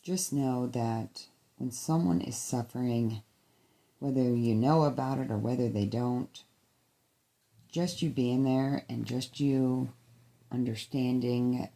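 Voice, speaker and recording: A woman's voice: very deep voice, vocal fry, mellow. A woman talking straight to her viewers in a personal vlog, heartfelt and pleading, with a rising emotion near tears. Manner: heartfelt, pleading, repetitive exhortations. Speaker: vlogger.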